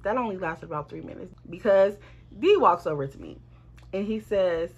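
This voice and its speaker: A woman tells a story straight to her viewers, animated and quick to swear. She keeps it slangy and casual, calling out to her audience as she goes. The recording sounds slightly dull and lo-fi. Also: on the low side, breathy edge. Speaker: storytime vlogger.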